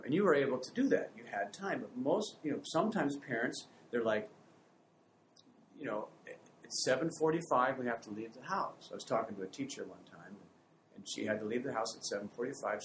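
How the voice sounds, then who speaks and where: A man giving parenting advice in a conversation, telling stories with lively acted-out family voices. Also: medium pitch, fast talker, a little hiss or hum, rough recording. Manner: animated storytelling, acts out family voices.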